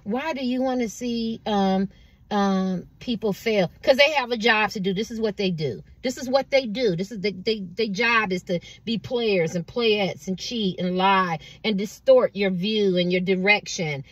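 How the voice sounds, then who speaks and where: A woman's voice: mid-range voice, a little slow, dry recording. A woman tarot card reader giving a casual collective reading, rambling and conversational and asking "you know what I mean" again and again.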